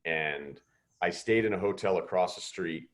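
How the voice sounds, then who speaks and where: A middle-aged man telling students a story over a video call, animated and acting out the voices of others. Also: sits low, moderate pace. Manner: animated, acts out quoted voices. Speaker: guest speaker.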